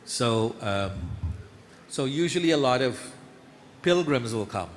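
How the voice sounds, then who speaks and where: Man, storytelling sermon, animated narration, temple hall reverb, faint noise. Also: medium pitch, slow pace. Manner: lively storyteller, voice climbs when acting out scenes. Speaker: temple speaker telling devotional stories.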